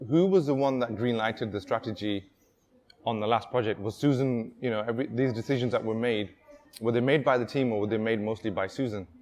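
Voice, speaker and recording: A man playing a brisk, questioning male boss. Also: mid-range voice, darkish tone, lightly acted. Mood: probing. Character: male boss leading the board meeting, brisk.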